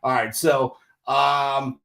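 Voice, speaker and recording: A man, hosting a casual livestream with animated, exasperated talk full of fillers. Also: medium pitch, drawn-out words. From Northeastern US. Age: 40s. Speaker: livestream host.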